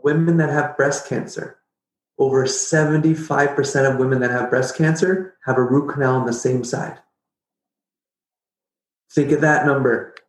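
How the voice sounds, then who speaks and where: Middle-aged man, mid-pitched, guest telling a story with a joking streak, recorded in a roomy, echoey space. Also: moderate pace. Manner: animated, jokey, acts out his own past reactions. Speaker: podcast guest. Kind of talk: casual storytelling interview. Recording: roomy echo.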